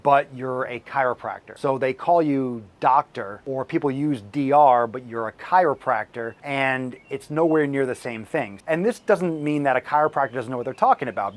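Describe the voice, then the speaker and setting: Blunt, profane man, slightly hoarse. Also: medium pitch, brisk, hardly any pauses. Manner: blunt and profane, ranting at times. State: slightly hoarse, losing his voice. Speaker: fitness channel host. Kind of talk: answering viewer questions.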